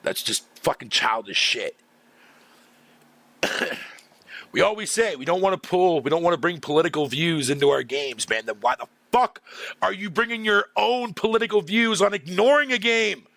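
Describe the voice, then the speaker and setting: A man's voice: sits high, expressive, moderate pace, vocal fry, fairly bright tone, no echo. A middle-aged man ranting casually as a gaming streamer, swearing constantly, laughing often and piling on fillers. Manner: profane, exasperated, laughs often, filler-heavy.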